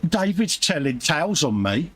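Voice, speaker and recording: A man's voice: on the high side, sing-song, normal speed, a crowd in the background. A man co-hosting a casual livestream, bantering and reading out viewer comments. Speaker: live stream co-host. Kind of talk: casual chat.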